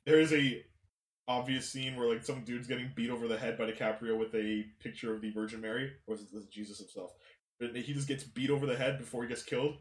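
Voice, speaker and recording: A man co-hosting a casual film podcast, emphatic and animated and swearing freely. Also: medium pitch, fast. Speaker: podcast co-host. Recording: echoey room.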